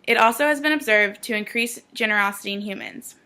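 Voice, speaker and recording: A young woman plays a news anchor and reads from a script. Her voice is bright and forward, and her delivery is crisp and formal. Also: mid-range voice, fast talker.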